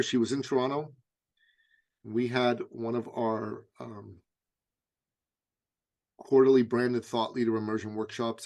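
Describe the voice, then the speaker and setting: A man's voice: mid-range voice, creaky, a little mellow. A middle-aged man, a guest in an interview, telling a personal anecdote vividly and often restarting with stammered "I, I".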